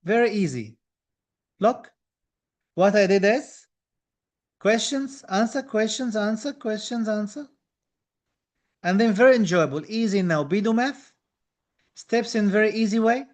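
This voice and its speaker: A high-pitched man with as a teaches a live online dental exam class. He talks with eager enthusiasm, repeating key phrases to encourage his students. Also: lively intonation, a little slow, long pauses. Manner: enthusiastic, reads out viewer comments, repeats phrases.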